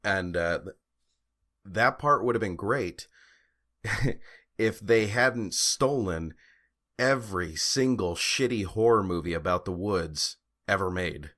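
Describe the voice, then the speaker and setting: A man's voice: deep voice, slow, long pauses, a bit bright. A young man co-hosting a podcast, rambling casually with fillers, restarts and frequent laughs. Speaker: podcast co-host. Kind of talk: casual chat.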